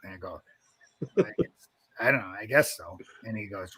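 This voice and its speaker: This middle-aged wrestling coach speaks at a normal pace in a lowish voice, casually spinning a story. He acts out the quoted voices himself and laughs often along the way.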